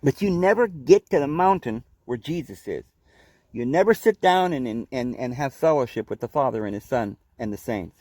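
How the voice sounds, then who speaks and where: A man hosting a podcast, giving an earnest, preachy spiritual talk, often halting and repeating words. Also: medium pitch, animated, warm tone, no echo. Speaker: podcast host. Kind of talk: spiritual teaching monologue.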